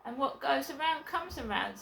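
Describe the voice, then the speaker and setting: Chatty bright-voiced woman in echoey room. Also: high voice, lively intonation, normal speed, gravelly, slight background noise. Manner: chatty, rambling, blunt with swearing. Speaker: vlogger. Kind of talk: casual chat to camera. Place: her flat.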